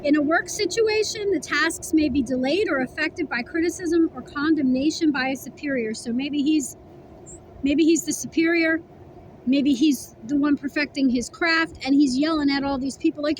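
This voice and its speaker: A woman's voice: sits high, moderate pace, a little hiss or hum, low-quality recording. A woman giving a casual tarot reading to camera, blunt and profane, chewing food while she talks. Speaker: tarot reader.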